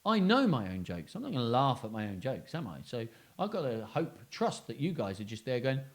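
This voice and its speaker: A man's voice: mid-range voice, sing-song, brisk, hardly any pauses. A man hosting a children's story and joke show, talking in a playful, self-mocking way. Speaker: host.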